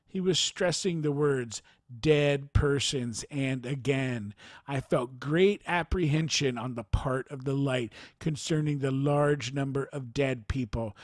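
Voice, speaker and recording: A man narrating a near-death experience account in a formal, measured reading style. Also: medium pitch, dry recording, studio quality.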